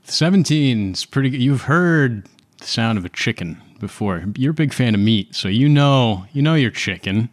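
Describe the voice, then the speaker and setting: A man narrating as game master in a tabletop game, relaxed and unhurried, with frequent fillers. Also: medium pitch.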